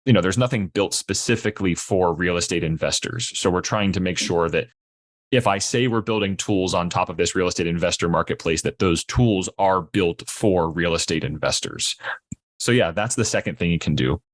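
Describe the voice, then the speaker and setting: Deep-voiced man pitching his platform. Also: normal speed, dry recording. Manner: steady explanatory pitch. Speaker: startup founder guest. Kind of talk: podcast interview.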